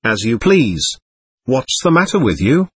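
A man's voice: mid-range voice, very animated, unhurried, fairly bright tone, slightly rough, no echo, studio quality, full character voice. A man voicing a proud, earnest young lady in an audiobook reading, his voice lifted a little. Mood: startled.

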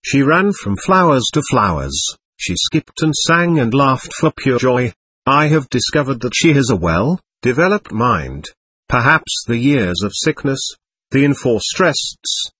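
A man narrating a story aloud with a husky, slightly breathy voice and lively rising and falling pitch. His telling is gentle and expressive, recorded dry and close with no room sound. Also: dry recording.

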